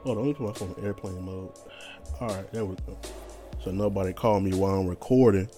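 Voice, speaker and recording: A man's voice: sits low, fast, dark tone, faint music behind. A young man hosting his own podcast, rambling casually in a laid-back, profane, slang-heavy monologue. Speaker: podcast host.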